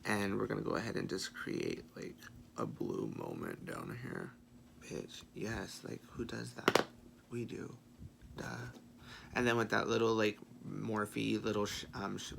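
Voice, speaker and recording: Sassy gravelly-voiced man doing makeup. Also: lowish voice, slight background noise. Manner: sassy, chatty, swears playfully, frequent quiet muttered asides. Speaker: makeup vlogger. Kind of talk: makeup tutorial chat.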